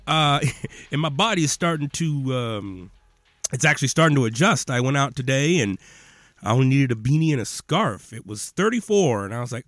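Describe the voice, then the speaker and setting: A man's voice: mid-range voice, a bit bright, no echo, clean studio sound. A man hosting a podcast in a laid-back, slangy chat, often laughing as he talks. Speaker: podcast host.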